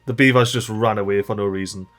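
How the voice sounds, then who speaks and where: A young man commentating a strategy game, animated and frantic, often shouting at his in-game workers. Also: on the low side, fast, faint music behind. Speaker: gameplay commentator. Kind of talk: let's play commentary.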